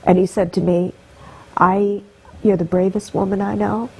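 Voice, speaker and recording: A woman's voice: medium pitch, level tone, moderate pace, vocal fry, warm tone, a little hiss or hum, rough recording. A woman guest telling an emotional personal story, her voice rising and catching with feeling. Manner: heartfelt, voice rising and breaking with emotion.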